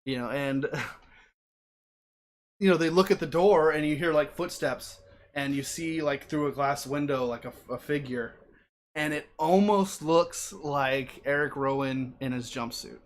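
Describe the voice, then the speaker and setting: A man's voice: fairly high pitch, a little slow. A young man co-hosting a casual podcast, animatedly retelling a sketch, acting out quotes and laughing along. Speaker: podcast co-host. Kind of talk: casual chat.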